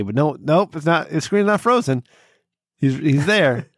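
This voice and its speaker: A man's voice: fairly high pitch, lively intonation, moderate pace, no echo, clean studio sound. A man hosting a podcast in a casual, profane, rambling and jokey way. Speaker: podcast host. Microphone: studio mic.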